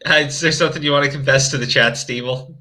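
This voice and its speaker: A man's voice: medium pitch, steady tone, fast talker, sharp tone. A male streamer chatting casually and mockingly reading a fan story aloud, often laughing and stumbling over his words. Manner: laughing, crude, hesitant restarts.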